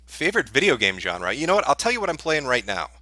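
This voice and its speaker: A man's voice: mid-range voice, very animated, fast talker, sharp tone, no room sound, studio quality. A man answering viewer questions on a livestream in a sarcastic, profane, dismissive rant.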